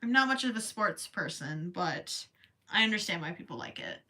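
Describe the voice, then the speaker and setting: A woman's voice: mid-range voice, animated, moderate pace, bright, forceful tone. A young woman with a Minnesotan accent, chatting and giggling on a livestream while she crochets, tired and worried about losing her voice late at night. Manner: giggly, chatty, reading viewer comments aloud. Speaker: livestream host.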